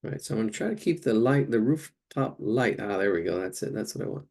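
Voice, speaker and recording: Gravelly-voiced man teaching painting. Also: lowish voice, expressive, fairly quick, mellow. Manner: thinks aloud while painting, searching for words. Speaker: art instructor. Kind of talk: live painting demonstration.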